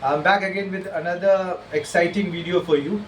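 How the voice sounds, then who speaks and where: A man's voice: high-pitched, steady tone, brisk. A man who is a spoken English trainer, introducing a class video in an upbeat manner and addressing viewers directly. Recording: echoey room, far from mic, faint hiss.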